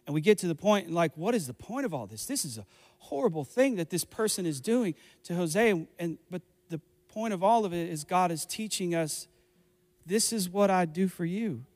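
High-voiced guy preaching a sermon, earnest, long reverb from a big hall. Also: lively intonation, normal speed, a little mellow. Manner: earnest, building to impassioned appeals. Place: church hall. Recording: echoey hall with faint music. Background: faint music.

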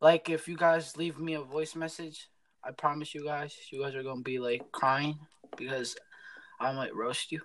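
A man's voice: a little high, flat delivery, moderate pace, slight background noise, poor audio. A young man from Pennsylvania co-hosting a casual podcast, teasing and joking. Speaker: podcast co-host. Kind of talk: casual chat.

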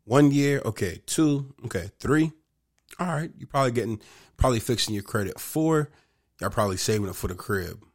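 A man with a slight lisp co-hosts a podcast, his pitch jumping lively up and down as he jokes. He talks in a loose, profane, animated way and is quick to riff. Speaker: podcast co-host. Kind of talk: casual chat.

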